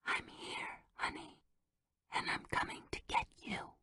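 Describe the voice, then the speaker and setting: A woman voicing a woman who whispers tensely into a phone, posing as a mother, in a whispered role-play. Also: measured pace. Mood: tense hushed. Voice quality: soft hushed whisper.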